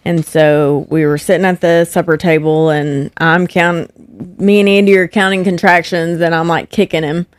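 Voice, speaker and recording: A young woman tells stories in a relaxed, chatty way, and her voice sits on the lower side for a woman. She brings the people in her stories to life by acting out their lines. The sound is dry and close. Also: normal speed, dry recording. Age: young adult. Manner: animated, acts out quoted voices. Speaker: podcast guest, host's wife. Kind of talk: casual storytelling chat.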